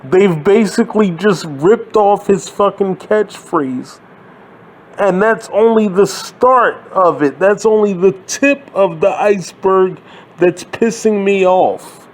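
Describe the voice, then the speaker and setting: Man with a high voice, unhurried delivery, sarcastic and foul-mouthed, exasperated channel host. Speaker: wrestling commentary channel host. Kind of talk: profane wrestling rant.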